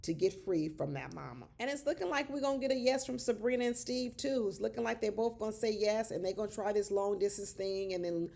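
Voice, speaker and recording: A woman giving casual, animated commentary on a reality show, exclaiming and talking straight to her viewers as y'all. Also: mid-range voice, a little fast, vocal fry, hardly any pauses.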